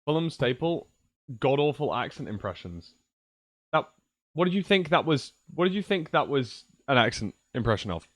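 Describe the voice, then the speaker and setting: Bright-voiced young man chatting on stream. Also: medium pitch, very animated, moderate pace, no room sound. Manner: rambling, swears casually, chats to viewers. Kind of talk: casual livestream chat. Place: at home at a PC.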